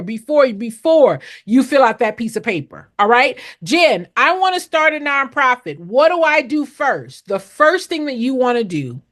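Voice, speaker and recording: Middle-aged woman consultant: direct, emphatic teacher with a lively, higher-pitched delivery and preacher-like repetition. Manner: blunt, emphatic, preachy, repeats key lines. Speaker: nonprofit consultant. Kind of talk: direct live-stream teaching to viewers.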